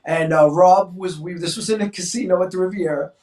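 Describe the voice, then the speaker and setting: A man in his sixties from New York, a co-host telling stories in an animated way and acting out voices in casual chat. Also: high-pitched, brisk. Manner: animated, acts out quoted voices. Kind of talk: casual storytelling. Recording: echoey room, mic at a distance.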